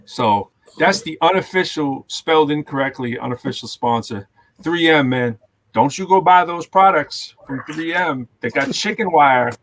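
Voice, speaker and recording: A man from Massachusetts who hosts a podcast and raps, ranting in casual, animated chat with lots of fillers. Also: fairly high pitch, moderate pace. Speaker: podcast host and rapper.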